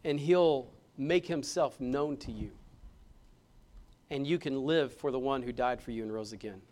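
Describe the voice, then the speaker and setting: A male pastor delivering a sermon, moving between hushed passages and loud, emphatic ones. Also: mid-range voice, unhurried. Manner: dynamic preaching, swings from hushed to loud and emphatic. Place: church.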